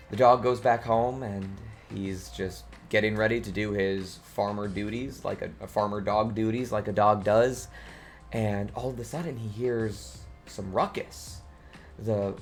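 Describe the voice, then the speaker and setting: A man spins a bedtime story off the top of his head on a stream, relaxed and rambling, often stopping to restart a phrase. His pitch sits in the middle, and faint music plays behind him.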